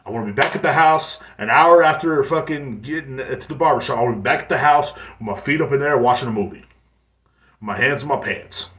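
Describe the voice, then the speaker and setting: A man's voice: medium pitch, a little fast, a bit bright. A man hosting a solo podcast, ranting bluntly and profanely with lots of fillers and restarts. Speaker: podcast host. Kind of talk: solo rant, casual monologue. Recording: echoey room.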